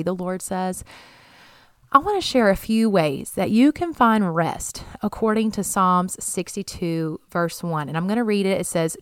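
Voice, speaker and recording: A woman's voice: fairly low pitch, smooth, no echo. A young adult woman giving an earnest, encouraging devotional talk and reading scripture aloud. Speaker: Christian podcast host.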